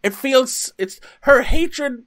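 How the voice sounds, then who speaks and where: A man co-hosts a film podcast in loose conversation. He talks with animated energy and drops the odd curse. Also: extremely high pitch, slow pace. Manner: animated, swearing, acts out quotes. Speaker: podcast co-host. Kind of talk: casual film review chat.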